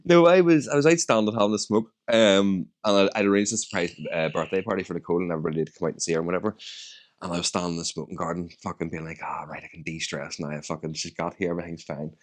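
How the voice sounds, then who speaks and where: A man's voice: low-pitched, rapid-fire. A man with a Northern Irish accent, co-hosting a podcast and telling stories in casual chat, acting out quotes and swearing freely. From Northern Ireland. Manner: animated storyteller, acts out quotes, swears freely. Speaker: podcast co-host, DJ.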